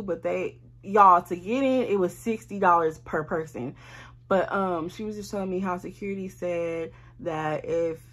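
Husky young woman telling a story. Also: lowish voice. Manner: animated, profane, emphatic. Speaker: storyteller vlogger. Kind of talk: casual storytime.

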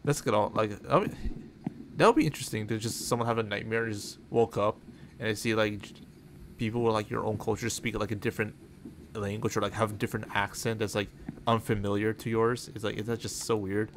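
A man with a fairly low voice talks his way through a horror game in loose, offhand commentary. He swears freely and drifts from one thought to the next. A steady bed of game ambience sits clearly under his voice. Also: a little fast, slight background noise. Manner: rambling, profane, offhand. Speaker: gaming channel host. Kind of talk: casual let's-play commentary.

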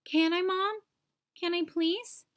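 A woman's voice: extremely high pitch, slow pace, no echo, clean studio sound, voice pushed up. A woman voicing an eager little boy who loves to dance, in a storybook read-aloud. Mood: pleading. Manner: pleading, excited.

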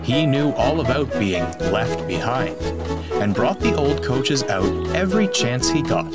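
A man narrating a storybook in a measured, expressive way. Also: mid-range voice, rough recording. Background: loud music.

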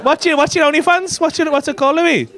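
A male stand-up comedian, doing loud, sweary crowd work with the front row in a comedy club. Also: very high voice, fast talker. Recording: live club recording with crowd noise. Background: laughing audience.

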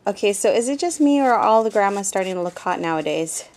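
A young adult crafting vlogger talks fast in an expressive, medium-pitched, slightly mellow voice while unboxing a gift. She gushes to her viewers, addressing them as "guys" and exclaiming "oh my gosh" over and over at her surprise.

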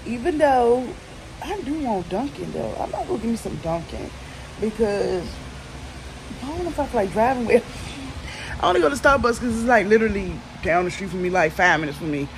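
A woman's voice: on the high side, lively intonation, normal speed, slight background noise. Chatty Southern woman vlogging from bed. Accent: Southern American. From Southern United States. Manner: chatty, blunt, swears freely. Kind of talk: casual vlog chat. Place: at home, in bed.

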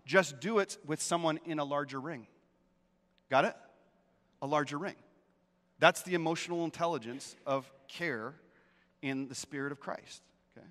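A man's voice: a little high, normal speed, pauses often, a bit bright, long reverb tail. A middle-aged male pastor preaching a sermon in a church, emphatic, repeating key phrases and often checking in with the congregation. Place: church sanctuary.

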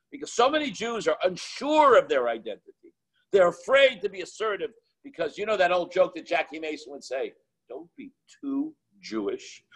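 A middle-aged man, a rabbi, telling stories in an animated way, with many restarts and quoted dialogue. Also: sits high, slightly rough, low-quality recording. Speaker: Chabad rabbi and author. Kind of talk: storytelling talk.

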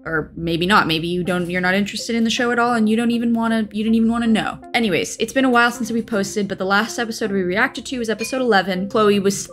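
A woman's voice: medium pitch, fast talker, few pauses, soft background music. A young adult woman, an actor, casually talking through a reaction to her old show in a rambling way and often correcting herself. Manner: rambling, chatty, with frequent self-corrections.

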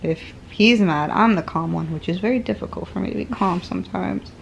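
A woman with a low, gravelly voice chats frankly to camera from her bed at home. She is sore after a medical procedure and tells the story with animation. Faint noise sits behind her. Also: brisk, dull audio. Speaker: vlogger. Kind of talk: casual chat to camera.

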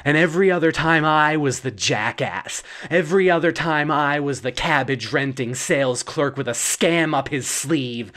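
A man delivering an absurdist comedic monologue, rambling and halting, with stammered restarts. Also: a little high, a bit bright. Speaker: storyteller.

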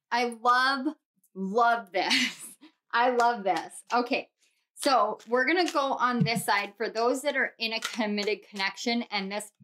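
A bubbly young woman talks her viewers through a tarot reading, gushing over the cards. Her voice sits a little high and rings bright and forceful. Her excitement spills over into quick laughs and squeals. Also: a little hiss or hum. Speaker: tarot reader.

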